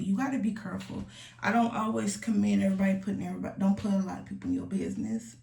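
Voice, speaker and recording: A young woman vlogs from a room at home, racing through candid, slangy confessional chat and sometimes sinking into soft asides. Her mid-range voice is steady with a gravelly edge, and she sits far from the mic in a roomy-sounding space with a faint hiss.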